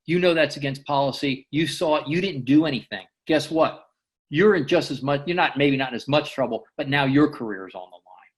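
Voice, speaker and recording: A man's voice: medium pitch, a little fast. A man speaking as an interview guest, a former FBI agent who answers thoughtfully and often repeats words as he thinks. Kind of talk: casual interview chat.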